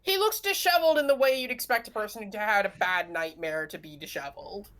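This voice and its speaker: A woman's voice: medium pitch, fast, a bit bright. A young woman narrating as game master, chatty and amused, with many fillers.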